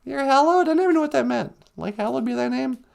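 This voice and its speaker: High, gravelly woman hosting comic chat. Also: expressive, quick pace, darkish tone. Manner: mock-earnest and sarcastic, with solemn mock prayers. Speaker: host. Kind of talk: comic live-stream chat.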